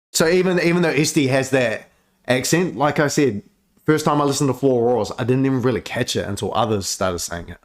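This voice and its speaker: Slangy, profane young man reacting. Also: mid-range voice. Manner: slangy, profane, calls viewer bro; bursts of excited exclamation. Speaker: music reaction host. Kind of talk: casual reaction commentary.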